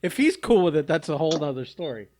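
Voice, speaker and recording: A man's voice: fairly high pitch, sing-song, fast, darkish tone, slight background noise. A man co-hosting a podcast in casual chat, teasing and rambling with lots of fillers. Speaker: podcast co-host.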